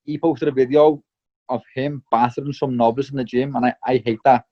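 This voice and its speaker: A man's voice: mid-range voice, steady tone, fairly quick. A young man, a professional boxer speaking candidly and bluntly in an interview, swearing freely and calling people "mate" and "lad". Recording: slightly dull lo-fi audio.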